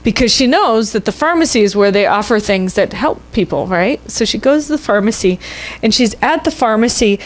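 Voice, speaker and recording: A woman minister telling a story in a sermon, conversational and expressive. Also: a little high, brisk. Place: church sanctuary.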